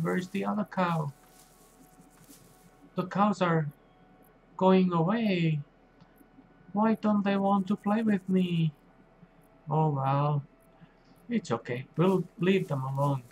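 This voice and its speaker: Male game narrator for children; slow, patient, slightly high voice. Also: a little hiss or hum, rough recording. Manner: slow, simple and questioning, talks to young viewers. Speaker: game streamer for kids. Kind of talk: gentle gameplay narration for children.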